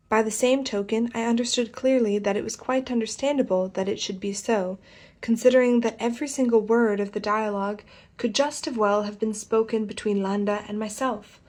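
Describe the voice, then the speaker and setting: A woman narrating an unabridged novel in the first person, in a measured, deliberate way. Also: medium pitch. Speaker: audiobook narrator.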